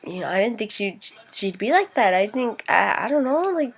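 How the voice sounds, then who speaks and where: A woman's voice: mid-range voice, very animated, normal speed, few pauses. A young woman vlogging, venting frankly and indignantly about a hurtful situation, swearing freely. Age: young adult. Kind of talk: casual venting vlog.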